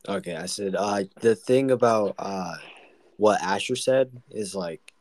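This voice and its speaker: A man's voice: lowish voice, unhurried, a little mellow, no room sound. A man co-hosting a casual faith podcast, rambling and full of "like" and "um". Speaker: podcast co-host.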